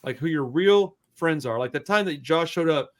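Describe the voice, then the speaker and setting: Animated, foul-mouthed man telling stories. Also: fairly high pitch, normal speed. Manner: loose, profane, animated storyteller. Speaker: podcast host. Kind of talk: casual storytelling chat.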